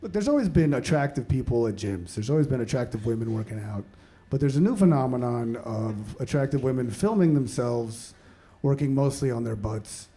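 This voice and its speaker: A man in his thirties doing stand-up comedy, swinging between mumbled asides and loud outbursts. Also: mid-range voice, expressive, brisk, hardly any pauses. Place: comedy stage before a live audience. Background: audience laughter.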